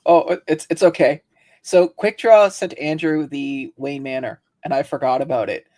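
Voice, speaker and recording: A man co-hosting a livestream, telling rambling, animated stories and laughing often in casual chat. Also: a little high, normal speed. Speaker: livestream co-host.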